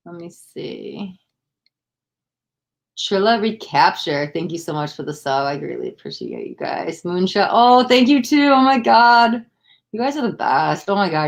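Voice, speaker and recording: A woman from the United States hosting a livestream tarot reading, gushing with thanks and chatting casually with lots of "like" and "oh my God.". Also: mid-range voice.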